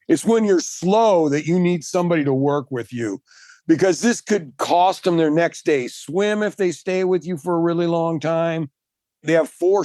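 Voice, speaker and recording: A man, a marathon swimmer and guest, telling his story in casual chat, animated and emphatic, laughing often. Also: on the high side, dry recording.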